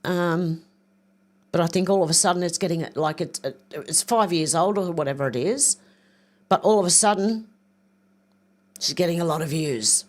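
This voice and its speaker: An older woman chats on her livestream in a loose, rambling way. She reads viewer comments aloud and thinks out loud while she clicks around. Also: on the low side, moderate pace, pauses often. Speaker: livestream host. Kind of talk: casual livestream chat reading viewer comments.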